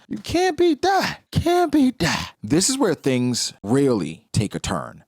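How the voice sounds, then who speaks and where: A man hosting a manga reaction show in casual commentary, talking in an animated, slangy way. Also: no room sound, studio quality. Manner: animated, slangy, jumps into high-pitched character impressions.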